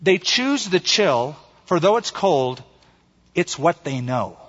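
A man voicing a calm, patient stranger who brings fire, speaking reassuringly in a story read during a sermon. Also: fairly high pitch, slow pace, husky, voice pushed up, exaggerated voice. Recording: long hall reverb, dull lo-fi sound.

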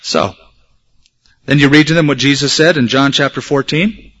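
A man preaching a sermon, stressing key words slowly and acting out quoted dialogue. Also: mid-range voice, a bit bright, muffled recording. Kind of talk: sermon teaching on evangelism.

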